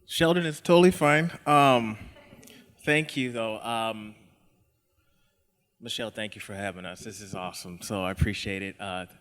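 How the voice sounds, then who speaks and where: A man hosting a podcast interview, talking casually with some halting restarts. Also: lowish voice, clean tone, long reverb tail. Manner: casual, relaxed, a little halting. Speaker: podcast host.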